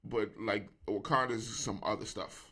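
A man's voice: fairly low pitch, moderate pace, pushed and bright, breathy edge. A man co-hosting a casual podcast, talking in a loose, joking, slangy way. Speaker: co-host.

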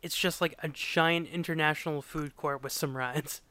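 Recorded dry, this man speaks at a normal pace in a voice on the high side. He co-hosts a casual podcast, recapping a sitcom episode as a lively storyteller who acts out quotes and laughs a lot.

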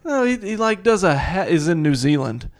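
A man co-hosting a podcast, telling sarcastic stories with quick comebacks in casual banter. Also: high-pitched, sing-song. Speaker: podcast co-host.

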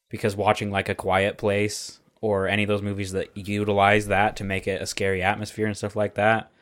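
A man with a fairly low voice, talking loosely and at length with friends on a podcast. He rambles in a relaxed way and swears casually. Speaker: podcast co-host. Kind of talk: casual chat.

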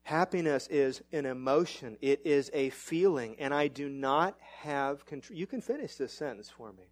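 A middle-aged man preaching a sermon as pastor, animated and self-mocking, his voice climbing when excited. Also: fairly high pitch, moderate pace, hardly any pauses.

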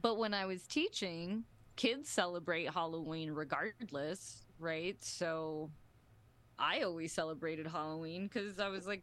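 A woman's voice: fairly low pitch, a little slow, a bit bright. A woman co-hosting a podcast in casual chat, rambling and peppering her talk with "like" and "right?". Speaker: podcast co-host.

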